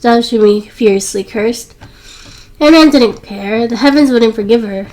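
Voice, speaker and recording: A woman narrates a romance audiobook in a high, light voice. She reads in a steady storytelling manner and pitches up further whenever a character speaks. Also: measured pace, poor audio. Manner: lifts her voice higher for quoted characters. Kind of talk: scripted narration.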